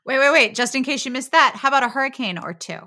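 A woman's voice: high-pitched, expressive, quick pace, sharp tone. A woman hosting a casual podcast conversation, with brief agreeing interjections. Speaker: podcast host.

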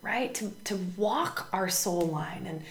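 A woman's voice: mid-range voice, expressive, slow pace. Woman podcast host for a spiritual astrology show, emphatic and repetitive, recorded in a roomy space. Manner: emphatic, repeats words and tags "right?".

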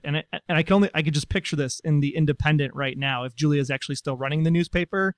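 A man's voice: fairly high pitch, fast talker, no echo, studio quality. A man co-hosting a casual talk show, reading listener messages with a wry delivery. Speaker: podcast co-host. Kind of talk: casual chat.

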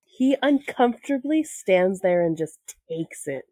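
A woman's voice: medium pitch, sing-song, unhurried, warm tone, no room sound. A woman guest on a casual podcast. She talks plainly and a little drily. Her voice sounds close, with no room around it. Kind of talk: casual chat.

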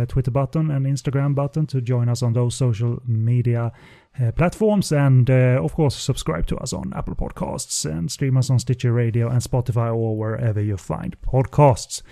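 A man hosting a podcast in casual chat, relaxed and hesitant, with many fillers. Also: mid-range voice, no echo. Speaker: podcast host.

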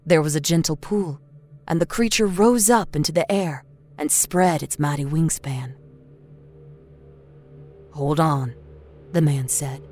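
Woman reading horror fiction, low voice. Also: darkish tone. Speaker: storyteller. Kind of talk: scripted horror story narration. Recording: narration over a faint music score.

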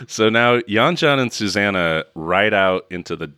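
Animated sarcastic man recapping a movie. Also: normal speed, clean tone, dry recording. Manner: sarcastic, laughing recaps with animated pitch jumps. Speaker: podcast co-host. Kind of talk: casual movie recap chat.

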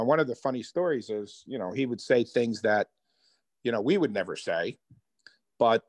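A man telling personal stories as a guest in an interview, lively and conversational. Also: mid-range voice, no echo. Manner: animated storyteller, acts out quoted voices. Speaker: author and guest. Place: Hoboken.

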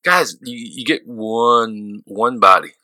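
A man's voice: mid-range voice, slow pace, pushed and bright, no room sound. A man with a St. Louis accent co-hosting a podcast in casual chat, giving emphatic, motivational advice and swearing freely. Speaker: podcast co-host.

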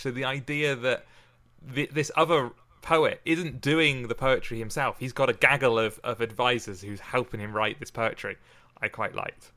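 Bright-voiced English podcast host. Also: male voice, mid-range voice, steady tone, moderate pace. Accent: Oxfordshire English. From England. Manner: jokey, laughs often, restarts sentences. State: ill. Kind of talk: casual podcast chat and sonnet reading.

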